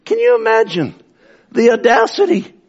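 A man preaching an impassioned sermon, swinging from fervent shouts to hushed asides and repeating phrases for emphasis. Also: very high-pitched, moderate pace. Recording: dull lo-fi sound.

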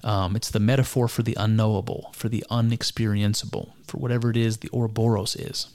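A man's voice: fairly low pitch, level tone, brisk, darkish tone. A man giving a reflective spoken commentary on a text, earnest and musing, often stopping to restart his sentences. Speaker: speaker discussing mysticism.

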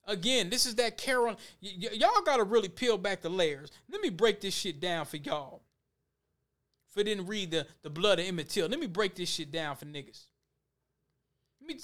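A man's voice: sits high, expressive, normal speed, fairly bright tone. A man reading news aloud and breaking in with heated, emphatic, repetitive commentary to his viewers. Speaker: commentary vlogger.

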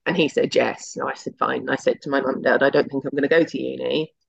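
A middle-aged TV executive with a very deep, husky, creaky voice tells her story in a casual interview, speaking fast in a steady tone. Chatty and anecdotal, she acts out the dialogue, though the lo-fi audio is slightly muffled.

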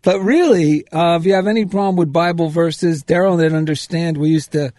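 A man co-hosting a spiritual radio talk show, telling stories in an animated, upbeat and earnest way. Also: a little high, a little fast, no echo, clean studio sound. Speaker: radio co-host. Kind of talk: casual spiritual radio chat. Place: radio studio.

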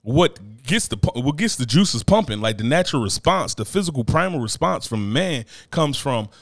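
This podcast co-host has a medium-pitched male voice that swings widely in pitch, moving at a moderate pace. Recorded cleanly in a studio with no room sound, he chats casually, bluntly and profanely, often checking in with "you know what I mean."

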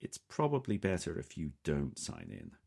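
A man's voice: a bass voice, huge pitch swings, normal speed, gravelly, a little mellow, breathy edge, full character voice. A man voicing a middle-aged male company boss with a Southern US accent, polite and businesslike in an audiobook. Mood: courteous. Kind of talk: audiobook character voice.

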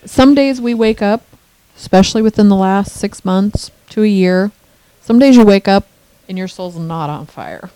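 A middle-aged woman co-hosting a casual podcast, animated and quick to laugh. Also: mid-range voice, clean tone, no room sound. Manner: animated, laughs often, acts out her own thoughts. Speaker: podcast co-host. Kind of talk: casual chat.

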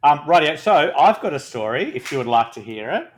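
A man with an Australian accent hosting a podcast, telling a story in a relaxed, jokey way. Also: on the high side, a little fast, slight background noise. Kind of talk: casual chat.

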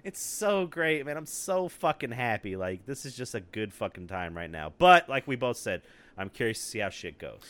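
This man co-hosts a podcast in a casual chat, with a medium pitch and normal speaking speed. Expect plenty of cursing and laughing as he tells his stories with animation.

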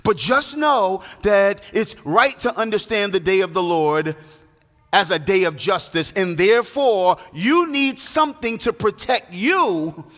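High, bright-voiced preaching man. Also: sing-song. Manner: emphatic preaching with sung, drawn-out phrases. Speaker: pastor. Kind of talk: sermon. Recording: long hall reverb.

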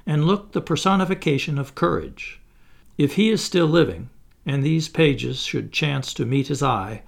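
A man reading an audiobook aloud as its narrator, in a measured, solemn way. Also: fairly high pitch, vocal fry. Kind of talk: scripted narration.

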